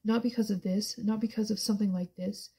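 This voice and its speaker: Woman voicing a pleading young man lover, low dark tone, steady. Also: fairly quick, slightly rough. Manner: pleading, earnest.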